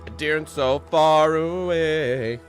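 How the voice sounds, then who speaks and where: A man's voice: a little high, slow, soft background music. Joking man reading game text aloud. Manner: jokey, reads in-game texts aloud, breaks into sung parody lines. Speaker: gameplay commentator. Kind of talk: casual gameplay commentary.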